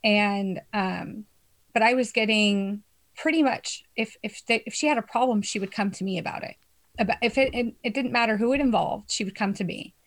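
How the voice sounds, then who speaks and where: A woman's voice: mid-range voice, moderate pace. A young woman in casual chat with friends, telling a story with lots of swearing and laughter.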